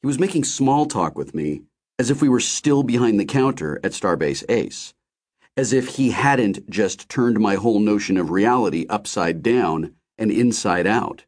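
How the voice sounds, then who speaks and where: Expressive low-voiced male audiobook narrator. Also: normal speed. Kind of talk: first-person audiobook narration.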